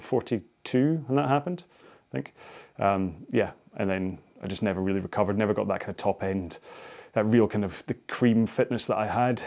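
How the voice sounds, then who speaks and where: A man's voice: lowish voice, darkish tone. A man in his forties leading a follow-along stretching cooldown, chatty and self-mocking, wandering off into personal asides. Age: 40s. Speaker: rowing coach.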